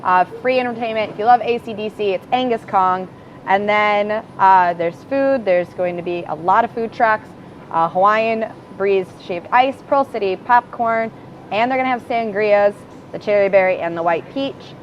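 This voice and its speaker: A woman's voice: medium pitch, normal speed. Upbeat woman hosting a local chat show. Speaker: host. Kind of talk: casual chat. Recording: dull lo-fi audio with clear background noise.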